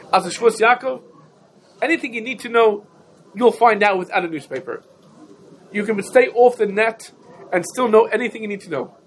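High-voiced man teaching a shiur. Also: slight background noise, rough recording. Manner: rhetorical questions, emphatic repetition, Yiddish-Hebrew terms. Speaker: Torah teacher. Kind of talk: Talmudic shiur lecture.

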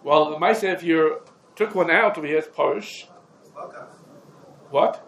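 A man teaching a lecture on religious law, in quick clipped phrases with repeated fillers like "come on" and "over here". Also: a little high, vocal fry, fairly bright tone. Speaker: Talmud teacher. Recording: echoey room with faint background noise.

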